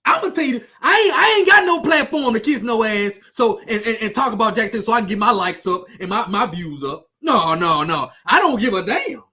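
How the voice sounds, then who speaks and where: High-pitched, fiery ranting man. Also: big pitch swings, a little fast, hardly any pauses, pushed and bright. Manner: fiery, repetitive, profane, taunting. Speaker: sports commentator with his own channel. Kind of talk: heated sports rant to viewers.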